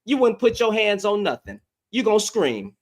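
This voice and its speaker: High-voiced man arguing heatedly. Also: sing-song, moderate pace. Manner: argumentative, repeats phrases over and over. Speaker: host. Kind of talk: heated live audio debate.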